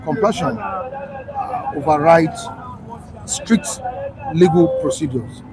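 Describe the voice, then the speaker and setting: A man hosts a live talk show in a slightly high voice. He moves briskly through viewer comments and leans on "uh" and "okay" between them. Clear crowd noise runs behind him. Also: rough recording. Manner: brisk, reads out comments with fillers.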